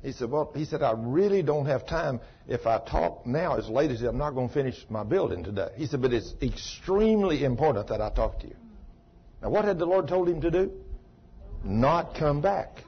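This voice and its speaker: A man's voice: mid-range voice, expressive, normal speed, slightly rough. A man, a pastor preaching a sermon in a folksy way, exclaiming and acting out the dialogue of a story he retells. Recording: muffled lo-fi sermon tape.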